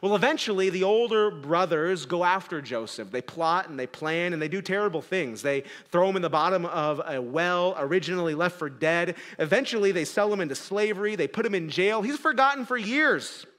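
Man, pastor, preaching a sermon, high voice, conversational, quiet-to-loud swings, long hall echo. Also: expressive, brisk, hardly any pauses. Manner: conversational, self-correcting preaching.

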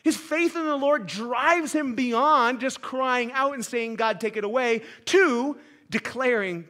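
High, bright-voiced impassioned male preacher. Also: takes it slowly. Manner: impassioned, swings between loud pleading and hushed quiet. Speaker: pastor. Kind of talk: sermon.

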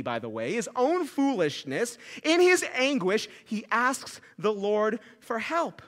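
A man's voice: very high voice, pushed and bright. A man, a pastor, preaching an earnest sermon that builds to emphatic, fervent passages, often saying "like" as he talks.

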